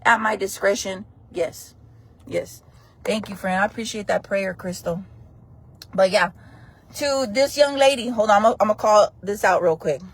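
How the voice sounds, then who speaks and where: A woman's voice: medium pitch, moderate pace, slightly rough. A sassy, blunt woman, hosting a casual gossip news live stream and calling her viewers "friends" and "baby.".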